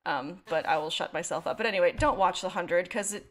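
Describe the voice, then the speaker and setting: Young woman podcast co-host with a slightly low voice, sarcastic and long-winded. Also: a little fast. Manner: talkative, wry and sarcastic, rambling on side thoughts. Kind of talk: casual podcast chat.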